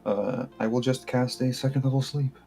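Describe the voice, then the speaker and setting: A man's voice: medium pitch, steady tone, normal speed, vocal fry, warm tone, faint music behind. A man playing a tabletop game, thinking aloud and asking questions in casual talk. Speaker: player.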